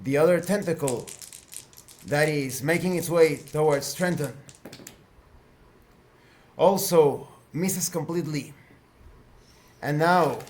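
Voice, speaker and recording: A man narrating a tabletop game as game master, slow and deliberate. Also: fairly high pitch, a little mellow, slight background noise.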